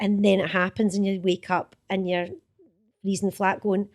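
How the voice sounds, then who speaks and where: A woman's voice: medium pitch, normal speed. Chatty Scottish woman telling stories. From Scotland. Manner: chatty, animated, acts out quotes. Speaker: actor, interview guest. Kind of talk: casual storytelling interview.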